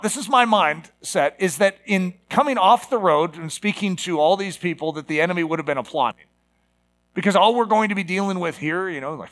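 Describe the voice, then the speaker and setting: A middle-aged man preaching a sermon, animated and given to acting out voices with sudden loud outbursts. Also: sits high. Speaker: pastor.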